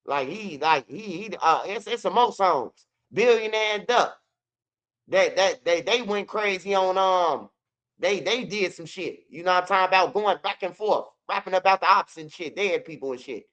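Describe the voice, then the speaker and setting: With lively intonation and a moderate pace, a man whose high voice is a bit bright hosts a commentary channel. His casual street news segment is a blunt, profane, loose rant full of repetition and mock rapping.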